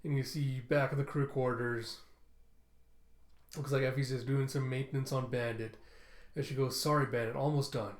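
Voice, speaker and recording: A man's voice: medium pitch, level tone, moderate pace, long pauses. A man casually retelling a comic book, using lots of "he's like" to set up lines. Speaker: comic reviewer. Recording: roomy echo.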